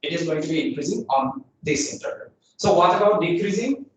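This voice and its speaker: A man's voice: on the high side, expressive, a little fast. A man giving a university lecture to a class. He repeats his phrases, often says "I mean" and "uh", and keeps checking in with "is it okay? fine.". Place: lecture room. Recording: very echoey room, speaker far from mic, faint noise.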